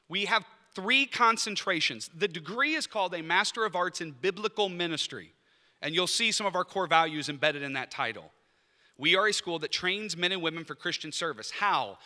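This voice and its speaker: Bright-voiced man speaking in a reverberant hall. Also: sits high. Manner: conversational and humorous, acts out quoted people. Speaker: professor leading a master's program. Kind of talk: informal presentation at a lunch event. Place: indoor event room at a lunch.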